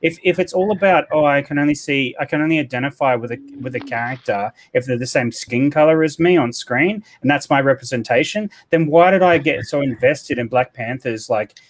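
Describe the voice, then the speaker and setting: A man hosting a live online debate, talking in an animated, rambling way and often repeating himself. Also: mid-range voice, fairly quick, hardly any pauses. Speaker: stream host. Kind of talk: casual live-stream debate.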